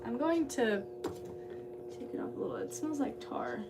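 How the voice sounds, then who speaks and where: Working in her pottery studio, a woman ceramic artist chats with her livestream viewers in a casual, somewhat scatterbrained way. Her slightly high voice has lively intonation and a moderate pace, and she sits some distance from the mic while a clear hum of studio noise runs behind her.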